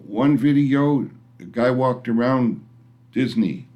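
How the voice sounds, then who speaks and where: A man's voice: medium pitch, warm tone. A middle-aged man ranting to the camera in a vlog, grumpy and blunt, rambling with frequent restarts. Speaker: vlogger. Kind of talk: casual rant to camera.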